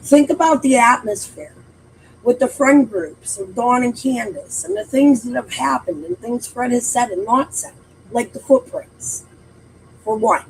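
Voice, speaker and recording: A woman's voice: a little high, darkish tone, rough recording. Foul-mouthed woman ranting on her crime stream, blunt and emphatic, faint hum behind her. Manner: blunt, heavily profane, emphatic. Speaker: true crime livestream host. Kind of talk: casual chat.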